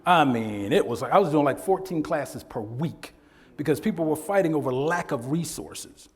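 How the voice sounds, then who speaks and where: A man leads a workshop in a fairly high voice that swings up and down in pitch as he talks. He lectures in a loose, conversational way and laughs often. The sound carries a long hall reverb. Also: lively intonation, normal speed. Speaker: workshop presenter. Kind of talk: lecture with storytelling. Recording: echoey hall.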